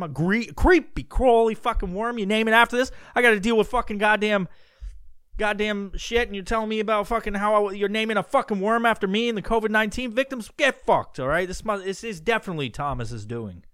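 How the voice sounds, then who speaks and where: A man's voice: sits high, no room sound, studio quality, pitched above the performer's own voice. A man putting on the voice of an indignant old man who rants and curses furiously about a worm named after him. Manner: furious, cursing, shouting.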